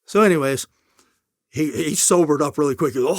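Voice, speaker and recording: A middle-aged man telling a long story as an interview guest, in a casual, animated way, acting out the people in it. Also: medium pitch, fast talker, dry recording, clean studio sound.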